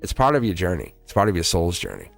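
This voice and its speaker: A man's voice: low-pitched, huge pitch swings, fast talker, gravelly, soft background music. A man giving a live-streamed tarot reading in an earnest way, repeating himself and laughing often. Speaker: tarot reader.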